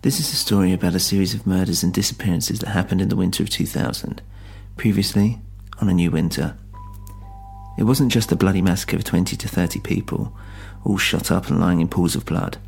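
A man narrating a first-person horror story in a grave, measured way. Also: deep voice, steady tone, creaky, darkish tone, slightly rough, faint music behind.

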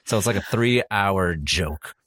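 A man hosting casual movie chat, telling lively stories and acting out the voices of people he quotes. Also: low-pitched, measured pace, no room sound, studio quality.

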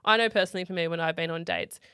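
A woman's voice: fairly low pitch, rapid-fire, sharp tone, clear, resonant tone, no echo, clean studio sound. A woman co-hosting a podcast, frank and blunt in casual chat. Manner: blunt, frank, swears freely. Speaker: podcast co-host.

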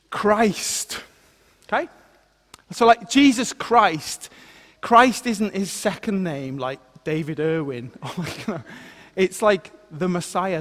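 A man's voice: high-pitched, long reverb tail. A man preaching a sermon in a casual, explaining way, often checking in with "okay?".

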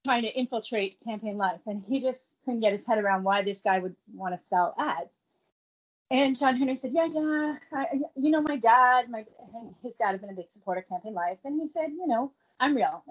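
A middle-aged woman telling a family story in a casual, animated way, acting out the quoted voices as she goes. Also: on the high side. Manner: animated, acts out the quoted voices, laughs between lines. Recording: dull lo-fi recording.

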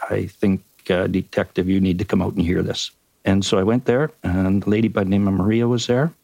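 An older man with a Canadian accent, a retired detective telling a case in a measured, methodical way on a podcast. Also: fairly low pitch, a little mellow, no room sound. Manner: measured, methodical recounting with occasional ums. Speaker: retired detective and crime writer, guest. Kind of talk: podcast interview storytelling.

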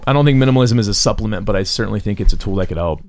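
A man's voice: fairly low pitch, racing, a little mellow, a little hiss or hum. A man co-hosting a podcast in casual chat, often stopping and repeating words as he thinks. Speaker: podcast co-host.

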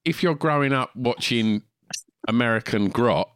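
A man's voice: medium pitch, expressive, measured pace, a bit bright, clear, resonant tone, no room sound, studio quality. A man hosting a podcast, joking with blunt, sweary banter. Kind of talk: casual chat.

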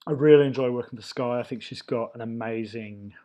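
Speaking fairly quickly in a mellow, mid-range voice, an Australian chef in his thirties shares career stories as a guest in a laid-back interview. He tells them loosely and with open enthusiasm.

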